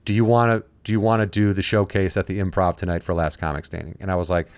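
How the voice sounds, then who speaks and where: A man's voice: low voice, flat delivery, fast, clean tone, no echo. A man hosting a casual podcast chat, telling stories and acting out the people he quotes. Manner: storytelling, acting out quoted voices. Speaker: podcast host.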